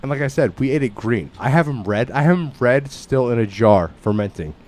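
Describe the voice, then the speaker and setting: A man telling a story in casual chat, swearing, restarting his sentences and getting louder as he goes. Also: medium pitch, animated, a little fast, a little hiss or hum. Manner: loud, profane storytelling with frequent restarts.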